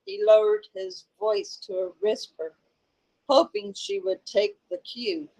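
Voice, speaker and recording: Slow, unhurried woman reading a novel. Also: medium pitch, creaky, poor audio. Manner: steady, unhurried storytelling. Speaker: audiobook reader.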